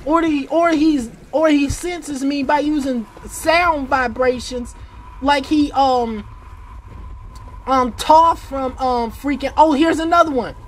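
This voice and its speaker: A gamer giving casual, slang-filled commentary on a horror game, panicking, repeating short exclamations and breaking into shouts. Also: sits high, slow pace, slight background noise.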